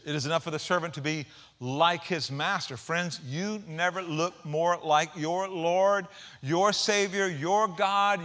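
A male pastor preaches with a bright, ringing tone that climbs at his high points. His talk is lively and folksy, full of asides to the congregation. He leans a little high for a man. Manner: animated preaching with folksy asides and rising emphasis. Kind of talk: sermon.

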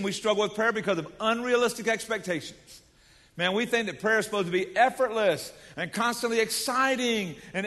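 A man delivers a sermon, folksy and animated, sprinkling in casual asides. His voice sits high for a man, and it rings out with a long hall reverb behind it. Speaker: pastor.

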